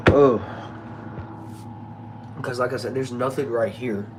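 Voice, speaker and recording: A man's voice: medium pitch, fairly even intonation, brisk, background noise. A man casually chatting with his viewers and reading their comments aloud in laid-back slang. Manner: laid-back slangy talk, addresses viewers as y'all and bro. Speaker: streamer reading chat. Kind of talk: casual live chat.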